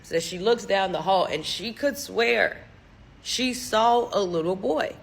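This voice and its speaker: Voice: medium pitch, slow pace, breathy edge. A casual storyteller retelling a spooky story in a loose, rambling way, full of "like" fillers and little voices for the people quoted.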